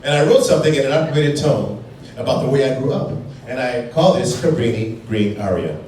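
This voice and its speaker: A man's voice: mid-range voice, lively intonation, darkish tone. A man from Chicago performing a stand-up comedy set on a brew pub stage, talking in a wry, playful way. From Chicago, USA. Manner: wry, playful, quick jumps into put-on voices. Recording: distant, echoey, noisy live bar recording. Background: audience laughter and bar noise.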